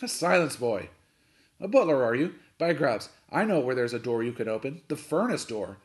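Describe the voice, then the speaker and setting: A loud, bullheaded old sea captain, put on by a man reading a storybook aloud, barking orders in a raised, blustering voice that swings high and low. He is gruff and impatient, with no patience for fools. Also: very animated, moderate pace, lightly acted.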